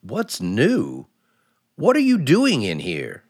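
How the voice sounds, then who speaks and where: Jumpy sitcom husband, slow talker with wild pitch swings on old-time radio. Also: male voice, wildly swooping pitch, breathy edge, heavily acted. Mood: flustered. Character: fretful middle-class husband, jumpy and bumbling. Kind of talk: 1940s radio acting.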